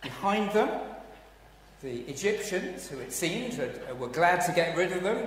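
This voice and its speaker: Male preacher, unhurried, dramatic swings from hushed to loud, big echoey church sound. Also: a little high, lively intonation, a little hiss or hum. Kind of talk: sermon. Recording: echoey hall, heard from a distance.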